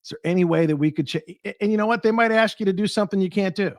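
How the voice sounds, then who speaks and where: A man's voice: high-pitched, racing, dry recording, studio quality. A man, a guest speaker and sales trainer, giving advice in a podcast conversation and acting out the people in his stories. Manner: animated storyteller acting out quoted voices.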